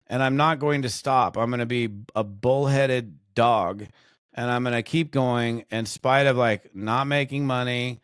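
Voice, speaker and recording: A middle-aged American man, a network marketing trainer, guests on a casual podcast, rambling through animated stories full of fillers and restarts. His voice sits at medium pitch, and the recording is clean studio sound with no room noise.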